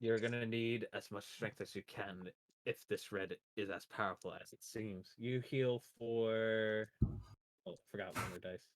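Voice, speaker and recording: A man's voice: lowish voice, steady tone, unhurried, no echo. A man acting as game master, narrating a tabletop role-playing session.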